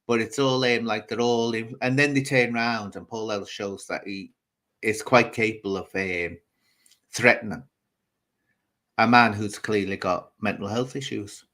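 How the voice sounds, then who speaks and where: A man's voice: fairly low pitch, steady tone, moderate pace, pushed and bright. A man hosting his own channel, rambling in gossipy livestream commentary, talking straight to viewers with many asides and restarts. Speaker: YouTube channel host.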